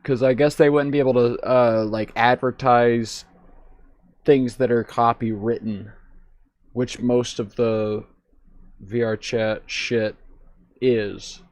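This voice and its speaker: Slow-talking sarcastic male streamer. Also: mid-range voice, fairly even intonation, darkish tone, dry recording. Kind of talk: gaming commentary. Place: online VR game.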